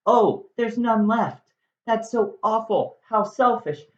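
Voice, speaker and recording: A distraught young teenage girl in a raised, high voice, as a man puts her on, hurried and breathless with rising lines. The sound is roomy and a bit dull. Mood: dismayed. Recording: roomy, slightly dull recording.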